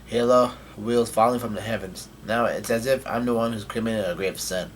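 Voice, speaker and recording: A wounded godlike warrior swearing revenge, read out by a man in a low, hushed voice, with faint hiss behind. Plain delivery, close to his everyday voice. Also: steady tone, moderate pace, close to an everyday voice. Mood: vengeful. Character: enraged wounded male god-like warrior.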